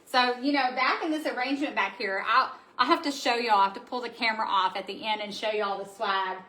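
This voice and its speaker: Brief: excitable woman craft-shop host on a live stream, bright and a bit high. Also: brisk, poor audio. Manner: bubbly, excitable, chatty with viewers. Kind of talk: live stream product showing.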